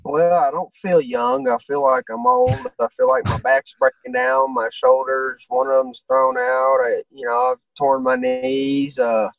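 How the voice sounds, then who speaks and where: A man's voice: medium pitch, unhurried, gravelly, few pauses, a bit bright, no room sound, far from the mic, poor audio. A man in his twenties, a guest fighter, talking in a laid-back, blunt and crude way in a casual interview. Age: 20s.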